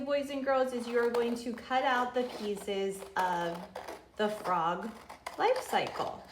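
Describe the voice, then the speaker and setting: A preschool teacher, a woman, talks slowly and gently to little children in a sing-song way. Her voice rings in a roomy space, with a faint hum of room noise behind her. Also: a little high. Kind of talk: craft and song lesson for young children.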